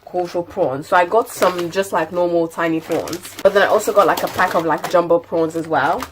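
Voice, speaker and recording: A woman's voice: fairly low pitch, fairly even intonation, moderate pace, noisy background. A young woman vlogging at home, chatting through a grocery haul in a rambling, filler-heavy way. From United Kingdom. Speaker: lifestyle vlogger. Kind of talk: casual grocery haul chat.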